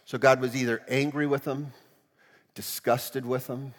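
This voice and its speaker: A man preaching a sermon as pastor, with animated storytelling. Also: mid-range voice, unhurried, big-room sound. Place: church.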